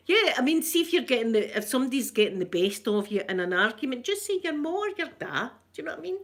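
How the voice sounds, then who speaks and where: A Scottish woman talks casually to her livestream viewers, her voice bright and pitched a touch high. Her speech is broad and rough-edged. She jokes and laughs often as she chats. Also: sing-song, brisk. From Scotland. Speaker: ASMR livestream host. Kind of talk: casual chat.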